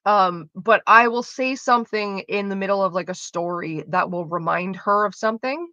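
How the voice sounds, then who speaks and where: Motor-mouthed woman streamer, bright voice. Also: mid-range voice, no room sound, muffled recording. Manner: fast rambling talker, swears freely. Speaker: streamer chatting with viewers. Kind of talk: casual chat.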